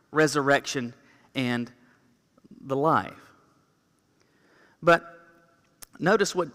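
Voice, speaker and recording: Pastor guy preaching a sermon, chatty everyday examples, bright voice, big echoey church. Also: fairly high pitch. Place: church sanctuary. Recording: long church reverb.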